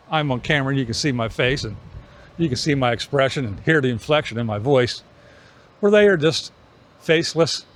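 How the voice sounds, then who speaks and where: A middle-aged man vlogging on an evening walk outdoors, musing in an unhurried way with pauses between phrases. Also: a little high. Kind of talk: reflective walking vlog chat.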